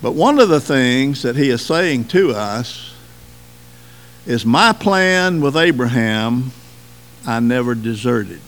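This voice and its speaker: A man preaching a sermon, pausing often and stressing words slowly. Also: medium pitch, animated. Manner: deliberate preaching with slow emphatic pauses. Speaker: pastor.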